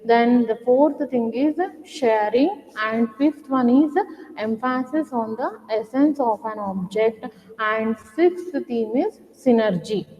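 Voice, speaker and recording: A woman's voice: fairly high pitch, slow pace, muffled recording. A woman giving a recorded lecture, restating each point and asking rhetorical questions. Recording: long hall reverb.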